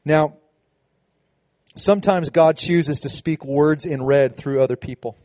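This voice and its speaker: A man preaching a sermon to his congregation, animated and conversational, with casual asides. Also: a little high, measured pace, no echo. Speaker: pastor. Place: church service with a congregation.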